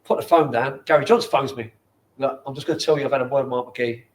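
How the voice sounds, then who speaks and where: A man in his forties with a London accent, a former footballer telling stories in casual chat in a bar, animated and swearing often. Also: medium pitch, fast. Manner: animated, swears often, acts out quoted people. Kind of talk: casual storytelling.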